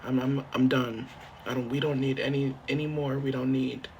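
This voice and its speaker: This livestreamer's voice is mid-range and a little mellow, with flat delivery at a normal pace and a bit of background noise. Broadcasting by phone from a motel room, he chats casually and half jokingly to his viewers, rambling, repeating himself, cursing often and asking them for help.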